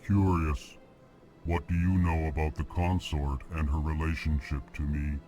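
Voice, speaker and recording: A huge, emotionless alien diplomat, whose voice sits at the very bottom of the range and sounds dark and mellow. He speaks in a slow, flat monotone and names every feeling out loud before he says his line. Faint game music plays underneath him. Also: very deep voice.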